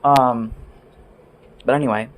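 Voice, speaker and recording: A man's voice: mid-range voice, steady tone, slow pace, very noisy. A man ranting to camera in an indoor room, heated, profane and emphatic, repeating his points. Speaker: vlogger.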